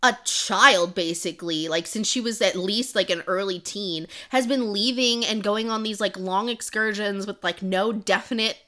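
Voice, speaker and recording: A woman's voice: medium pitch, moderate pace, hardly any pauses, pushed and bright. A young woman co-hosting a podcast, retelling a novel's plot in a rambling casual way full of "like". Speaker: podcast co-host. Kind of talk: casual book-recap chat.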